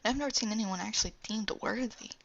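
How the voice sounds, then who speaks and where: A woman's voice: mid-range voice, fast talker, creaky, voice pushed up. A woman voicing a small, touchy male alien royal who talks in a flustered, defensive way. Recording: dull lo-fi recording.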